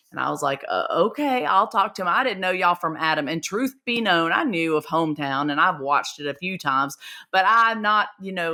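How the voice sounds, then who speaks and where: A woman's voice: lowish voice, sharp tone. A woman hosting a podcast interview, chatty and telling stories with feeling. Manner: chatty storyteller, emotional about her work. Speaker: podcast host. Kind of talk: casual conversational interview.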